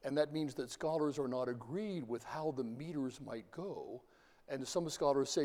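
A man's voice: medium pitch, expressive, normal speed, a little mellow. A man giving an informal lecture, talking in a rambling way with fillers and repeated words. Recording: long hall reverb.

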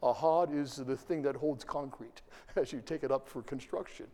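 The lecturer is a middle-aged man with a mellow, medium-pitched voice at a moderate pace, echoing with a long reverb tail. He quizzes the class, reads verse aloud and taps rhythms as he goes.

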